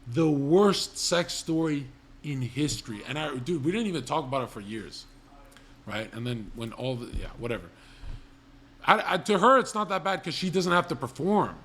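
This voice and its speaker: A man's voice: fairly high pitch, expressive, normal speed, a bit bright, breathy edge. A young man hosting a livestream, telling crude comedic stories in a blunt, rambling, profane way. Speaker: livestream host.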